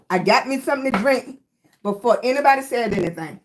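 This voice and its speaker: A woman's voice: fairly high pitch, slight background noise. A woman with a Southern US accent hosting a casual livestream chat, greeting viewers by name on her phone. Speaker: livestream host.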